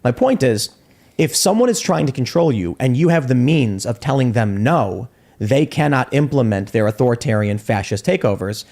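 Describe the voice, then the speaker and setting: Male host, political talk show, lively pitch, jokey storytelling. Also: normal speed. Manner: animated storytelling, jokey asides.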